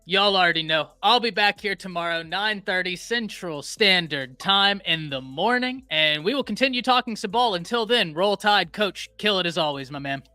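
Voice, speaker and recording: A man's voice: high voice, expressive, moderate pace, few pauses, sharp tone, smooth, soft background music. A man hosting a sports livestream, giving a friendly, upbeat sign-off. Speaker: livestream show host. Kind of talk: signing off a sports talk stream.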